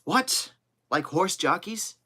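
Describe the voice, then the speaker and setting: A man's voice: mid-range voice, very animated, normal speed, sharp tone. Man doing a stubborn, skeptical hunter.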